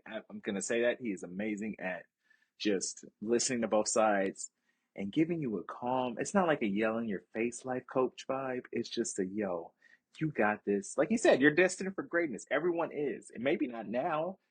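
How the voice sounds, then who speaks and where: A man's voice: mid-range voice, husky, no echo. A young man co-hosting a podcast, telling stories animatedly in casual chat, swearing and laughing often. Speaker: podcast co-host.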